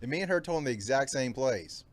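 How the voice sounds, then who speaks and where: A man's voice: mid-range voice, lively intonation, fast. A man co-hosting a podcast, telling workplace stories in a laid-back way and laughing easily. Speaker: podcast co-host. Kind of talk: casual chat, storytelling.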